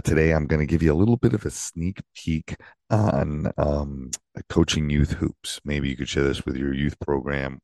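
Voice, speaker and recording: A hoarse middle-aged man chats haltingly on a podcast. His voice is extremely deep and gravelly, recorded dry and close. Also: a little mellow, dry recording. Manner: halting, with fillers. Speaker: podcast host and youth basketball coach. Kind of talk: casual podcast chat.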